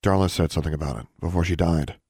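Brief: male narrator doing a guarded heroine, near his own low voice. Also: fast, a little mellow, breathy edge, no room sound, clean studio sound. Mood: calm.

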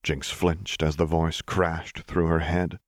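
A man narrating fan fiction with measured, tender storytelling. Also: a bass voice, flat delivery, no echo, studio quality. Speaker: audiobook narrator.

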